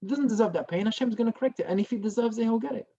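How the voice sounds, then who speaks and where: Animated rabbi telling a story, lo-fi. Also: male voice, high voice, racing. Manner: animated storyteller who drops to a hushed tone for dramatic parts. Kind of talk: storytelling Torah lesson.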